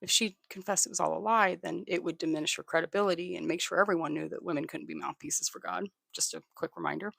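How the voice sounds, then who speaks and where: A streamer casually recounts a history tale and thanks his viewers, speaking in a middle-range voice loaded with gravel and fry. His tone is steady and slightly bright, though the delivery halts with frequent restarts and doubled words. There's no echo; the sound is close and dry.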